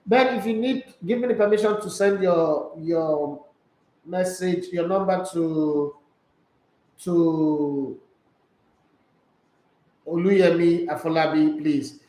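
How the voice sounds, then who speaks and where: A man's voice: on the high side, steady tone, slow, pauses often, mellow, echoey room, rough recording. A man with a Nigerian accent hosting a casual sports chat, slipping into Pidgin as he reads out viewer comments. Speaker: sports show host. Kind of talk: casual live-stream chat reading comments.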